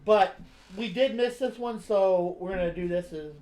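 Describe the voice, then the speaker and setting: A chatty, opinionated streamer walks through a wrestling show. The pitch is middling. The voice rings in a roomy space. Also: moderate pace, dark tone. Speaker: stream co-host. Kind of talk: casual chat recapping wrestling. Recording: roomy echo.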